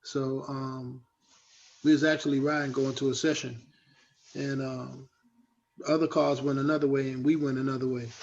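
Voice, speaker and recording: A middle-aged man, a guest rapper, telling animated, slangy stories in a casual interview and acting out other people's voices. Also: medium pitch, moderate pace, creaky, pauses often. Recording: dull lo-fi sound.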